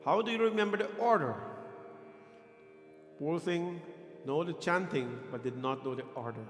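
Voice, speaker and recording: A man's voice: a little high, moderate pace. A man speaking as a pandit, teaching a sermon and coaching Sanskrit pronunciation while teasing his congregation. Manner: playful, quizzes and teases the congregation. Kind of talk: temple sermon with teaching and chanting. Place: temple hall. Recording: echoey hall with music behind.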